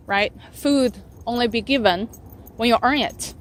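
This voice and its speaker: A woman's voice: mid-range voice, steady tone, measured pace, slight background noise. A woman dog trainer giving casual advice while walking dogs outdoors, often tagging her points with "right?" and stopping to praise the dogs. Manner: keeps adding "right?" tags, breaks off to praise dogs. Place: outdoors on a walk.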